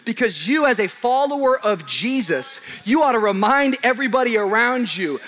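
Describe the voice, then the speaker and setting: A young man preaching in a church auditorium moves at normal speed with an expressive delivery. His sermon shifts from loud, shouted peaks to hushed stretches, and he jokes conversationally with the congregation along the way.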